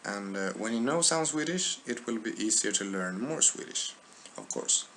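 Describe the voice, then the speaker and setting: A man teaching an online language lesson, reading word lists aloud and speaking in a deliberate, hesitant way with many filler sounds. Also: fairly low pitch, lively intonation, fairly bright tone, slight background noise. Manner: deliberate, hesitant with frequent filler sounds, repeats words for learners.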